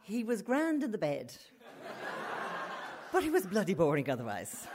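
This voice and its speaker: A woman tells a comic personal story live on stage. She is animated and laughs as she goes, with a voice of everyday pitch. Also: normal speed, noisy background.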